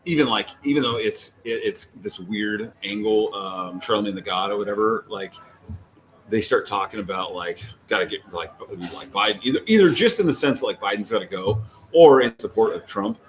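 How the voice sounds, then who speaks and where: A man co-hosting a podcast, chatting casually and telling animated stories with lots of fillers. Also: fairly low pitch, normal speed, slight background noise. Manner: rambling, animated storytelling with many fillers. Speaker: co-host. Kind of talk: casual chat.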